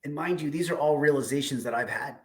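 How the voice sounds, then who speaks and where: A man with a slightly raised pitch gives a fired-up, emphatic pep talk on his livestream. He repeats his phrases for emphasis and swears casually. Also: fast talker. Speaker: host of a weekly diet community livestream. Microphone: video call streaming setup.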